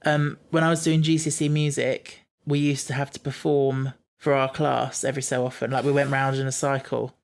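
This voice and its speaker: A man co-hosting a podcast in casual chat, eager and quick to laugh. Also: mid-range voice, flat delivery, vocal fry. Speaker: podcast co-host.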